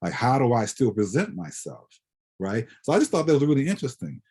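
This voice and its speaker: A man's voice: mid-range voice, very animated, fairly quick, warm tone, slightly rough. A man giving a reflective, conversational lecture as a guest photographer, often tagging his points with "right?". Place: lecture hall.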